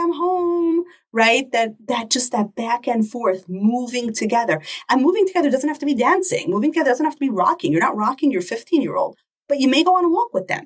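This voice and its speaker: A middle-aged woman hosting a parenting podcast, talking casually and animatedly, now and then acting out quick exchanges between a parent and a child. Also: medium pitch, husky, far from the mic. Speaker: podcast host.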